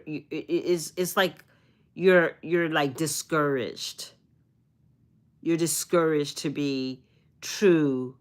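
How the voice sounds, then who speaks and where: Slow, low-voiced woman chatting live. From Arizona. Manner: rambling and earnest, often repeats phrases and restarts; spiritual, uplifting talk about energy and self-love. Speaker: live streamer. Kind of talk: casual livestream chat with viewers.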